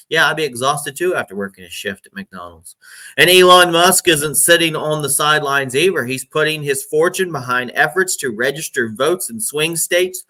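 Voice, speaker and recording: A man's voice: mid-range voice, sharp tone. A man hosting his own political news recap, asking viewers to share and support. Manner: pleading, emphatic. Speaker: political news show host.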